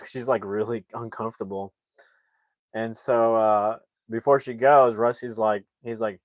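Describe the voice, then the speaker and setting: A man's voice: fairly low pitch, fairly even intonation, normal speed, no echo. A man casually retelling a movie's plot on a livestream, rambling with many fillers and acting out the characters' lines. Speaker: movie recap streamer.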